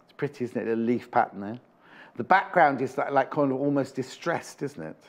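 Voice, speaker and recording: A man's voice: medium pitch, a little fast. A man presenting a live home shopping TV show, chatting about fabrics and prices with jokey, teasing asides in a studio. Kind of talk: live TV sales chat.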